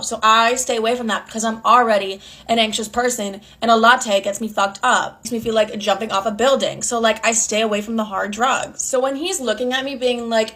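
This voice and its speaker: A woman in her twenties telling a storytime casually, outspoken and animated, swearing often and acting out what people said. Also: fairly high pitch, fairly quick, few pauses. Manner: outspoken, animated, frequent swearing, acts out quotes.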